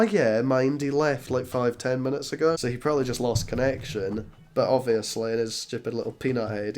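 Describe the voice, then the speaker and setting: A man's voice: medium pitch, darkish tone. A man commentating over an online game, sarcastic and mocking, calling people "mate". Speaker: gaming YouTuber. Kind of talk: gameplay commentary and trash talk.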